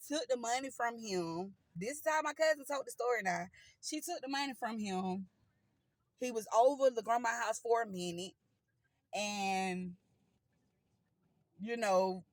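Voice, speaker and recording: A woman with a fairly high voice, casually telling a story to her viewers in a loose, animated, slangy way. She acts out the people she quotes. The sound is close and dry. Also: no room sound, rough recording.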